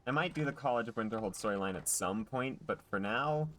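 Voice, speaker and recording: A man streaming live gameplay and commenting in an excitable way, swearing and jumping into loud outbursts. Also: medium pitch, brisk, slight background noise.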